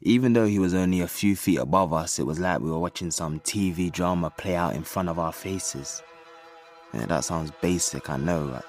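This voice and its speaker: A man's voice: low-pitched, moderate pace, soft background music, close to an everyday voice. An actor playing a streetwise young man, musing wryly in a casual, slangy way. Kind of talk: audio drama monologue.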